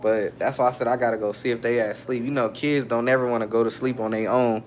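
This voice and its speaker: A man's voice: mid-range voice, little pitch movement, fast talker, a little hiss or hum. A man hosting a casual livestream, talking loosely in slang as he reads viewer comments aloud and answers them. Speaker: livestreamer reading chat. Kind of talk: casual live-stream chat.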